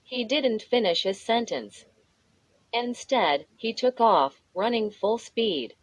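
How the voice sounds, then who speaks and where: Slow, measured woman storyteller. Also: a little high, no room sound, low-quality recording. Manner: measured, steady reading. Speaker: audiobook narrator. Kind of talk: storybook narration.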